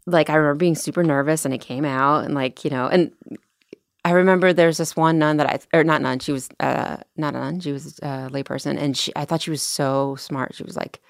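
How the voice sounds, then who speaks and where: Low, gravelly woman telling stories. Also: fairly quick, no echo, clean studio sound. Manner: animated storyteller, acts out quoted voices. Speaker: podcast guest. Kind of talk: casual chat.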